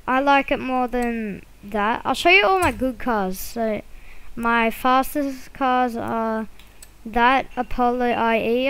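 A woman's voice: on the high side, fairly bright tone, clean tone, rough recording. A woman giving casual, rambling commentary while she plays a driving game, with many fillers and restarts. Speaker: gameplay video creator.

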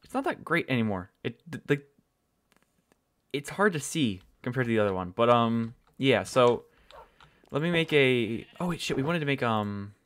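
A man's voice: mid-range voice, big pitch swings, moderate pace, fairly bright tone. Rambling, swearing young-sounding gamer man. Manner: rambling, swears often, loses his train of thought. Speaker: gaming channel host. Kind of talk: casual gameplay commentary.

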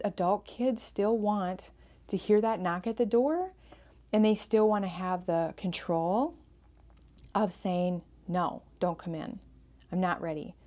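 Earnest woman with a mellow voice. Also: mid-range voice. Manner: earnest, repeats phrases for emphasis. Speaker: podcast host and family therapist. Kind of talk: advice podcast monologue.

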